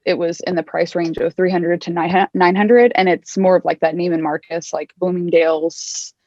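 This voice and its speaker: A woman fashion designer joining an interview over a video call, talking in a chatty, upbeat way with quick asides. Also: fairly low pitch, level tone, a little mellow, no echo. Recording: slightly dull video call sound.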